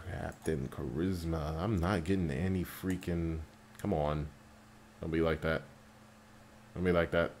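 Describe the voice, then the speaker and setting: A man casually commentating his mobile game as he plays, getting excited and swearing at the game when it annoys him. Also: deep voice, unhurried, a little hiss or hum. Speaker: mobile game player narrating gameplay.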